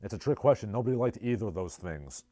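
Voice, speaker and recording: Low, mellow New Jersey man. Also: animated, fast, no room sound. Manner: sardonic, rambling asides. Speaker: livestream host. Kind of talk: casual livestream chat, reading chat messages.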